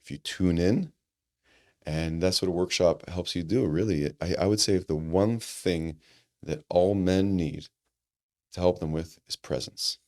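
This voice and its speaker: A man telling a personal story on a podcast, animated and earnest, often restarting his sentences. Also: low voice, measured pace. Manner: animated, acts out quoted dialogue, frequent restarts; earnest and reflective. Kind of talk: conversational storytelling.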